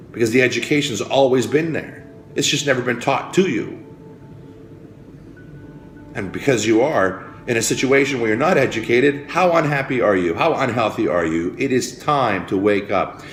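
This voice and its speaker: Low-voiced man giving a motivational speech. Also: slight background noise. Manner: preachy, repetitive, swings from hushed to rousing. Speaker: motivational health speaker. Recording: roomy with faint music behind.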